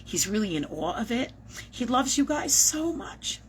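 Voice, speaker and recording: A woman's voice: fairly high pitch, sing-song, a little slow, a little hiss or hum, low-quality recording. A woman talking casually and animatedly as a medium in a live-streamed reading, swearing now and then. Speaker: psychic medium.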